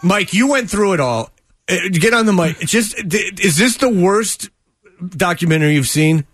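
A man's voice: high-pitched, animated, moderate pace, a bit bright, breathy edge, dry recording. A man hosting a radio show in a studio, talking in casual, sarcastic banter and often laughing and mocking. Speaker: radio host. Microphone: studio mic.

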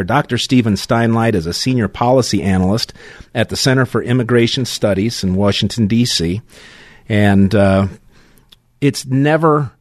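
A man's voice: lowish voice, dry recording, studio quality. A man hosting a talk radio show, chatting casually with jokes, fillers and restarts. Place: radio studio. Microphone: studio microphone.

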